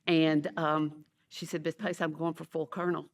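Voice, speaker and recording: A woman's voice: sits low, level tone, normal speed. A woman educator, telling stories animatedly in a podcast interview and acting out the voices of the people she quotes. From Louisiana, USA. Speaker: educator and author, guest. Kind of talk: conversational storytelling.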